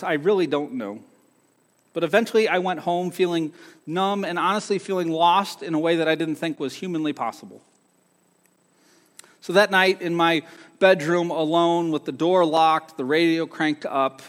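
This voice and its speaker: A man giving an earnest sermon testimony, telling a personal story that swings between soft and emphatic moments. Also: fairly high pitch. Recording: long hall reverb.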